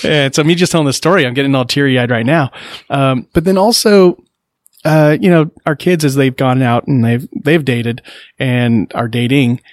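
A man's voice: mid-range voice, moderate pace, no echo. A man in his forties hosting a podcast, telling stories in a chatty, joking way. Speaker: podcast host. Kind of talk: casual conversation, storytelling.

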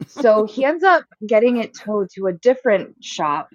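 A young woman co-hosting a casual chat, telling an exasperated story and acting out quotes with big jumps in pitch. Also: sing-song, normal speed, no room sound, dull audio. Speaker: co-host.

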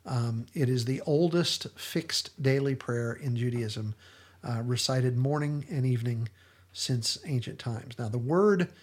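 A man's voice: mid-range voice, measured pace. A man hosting a podcast, retelling scenes in an earnest, enthusiastic casual discussion. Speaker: podcast host.

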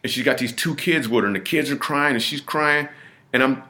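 A man's voice: medium pitch, fairly quick, sharp tone. A middle-aged man, a comedian guest on a podcast, telling a personal story in an earnest, vivid way, often restarting and repeating himself.

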